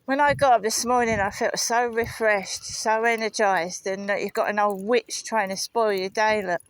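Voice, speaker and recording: In a roughly recorded walking vlog, a woman with a mid-range voice speaks at normal speed in a steady tone. She rambles and mutters asides, swearing now and then, into a handheld camera while walking her dog outdoors.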